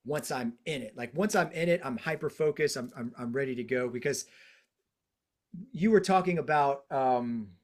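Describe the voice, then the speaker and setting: A man hosting a podcast, reflecting out loud in a casual, thinking-it-through way. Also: medium pitch, moderate pace. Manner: reflective, talks things through with casual fillers. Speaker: podcast host.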